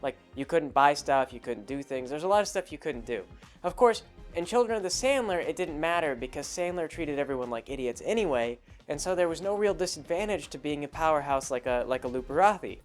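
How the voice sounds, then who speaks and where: A man's voice: on the high side, animated, a little fast. Rambling male storyteller over faint music. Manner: rambling, with many fillers and restarts, acting out characters. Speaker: podcast host telling a story. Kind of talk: casual spoken storytelling.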